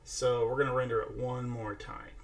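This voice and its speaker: A man's voice: mid-range voice, little pitch movement, moderate pace. A man hosting a casual screen-share tutorial, chatting his way through each step and talking to a toddler at his side. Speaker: AI art tutorial host.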